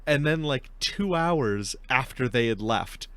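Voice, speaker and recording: A man's voice: medium pitch, expressive, takes it slowly, a bit bright. A young man hosting a casual podcast, telling stories in a chatty way and laughing often. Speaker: podcast host.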